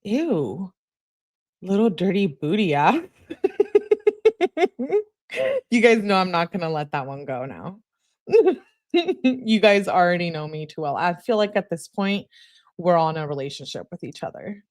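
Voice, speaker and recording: A woman's voice: fairly low pitch, lively intonation, moderate pace, pauses often. A woman hosting a true crime channel, reading text messages aloud in a casual, blunt, chatty way and talking to her live chat.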